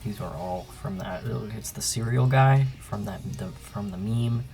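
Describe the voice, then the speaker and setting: A young man in his own casual commentary as he pages through an old sketchbook, relaxed and rambling with frequent ums. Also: fairly low pitch, measured pace, faint music behind. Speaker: artist and channel host.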